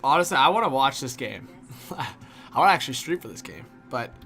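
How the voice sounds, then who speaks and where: Chatty young man with bright voice. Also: mid-range voice, very animated, brisk, faint music behind. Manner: rambling, filler-heavy, frequent "like". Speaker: hockey livestream host. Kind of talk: casual live stream commentary, reading chat.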